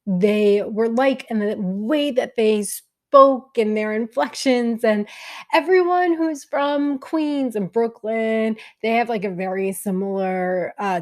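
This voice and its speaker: A woman casually reviewing films she watched, chatty and candid, with frequent fillers. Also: fairly high pitch. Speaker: film vlogger.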